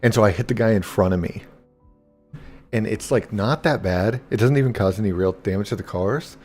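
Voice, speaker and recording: A man's voice: on the low side, fairly quick, darkish tone, faint music behind. A young man casually telling a rambling, profane story while gaming, full of fillers. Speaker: gaming streamer.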